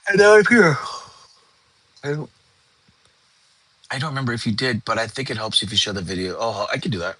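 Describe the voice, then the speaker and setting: A man's voice: lowish voice, quick pace, pauses often, sharp tone, slightly rough, no echo, poor audio. A middle-aged man hosting a casual livestream from his bedroom, tired and yawning, rambling and answering chat comments. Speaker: livestream host.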